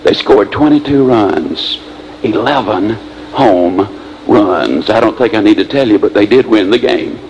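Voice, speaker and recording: A man giving a motivational speech, telling stories in an animated way with big swings in pace and pitch. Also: slight background noise, low-quality recording. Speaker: motivational speaker.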